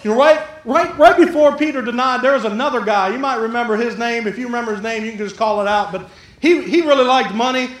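High-voiced preacher, roomy hall. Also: male voice, fast talker. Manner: lively, jokey, acts out the quotes. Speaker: pastor. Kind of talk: sermon.

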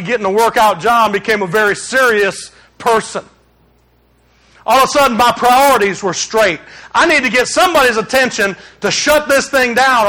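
A man, preaching a sermon and telling personal stories in an animated way, acting out shouts and dialogue. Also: very high-pitched. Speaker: pastor.

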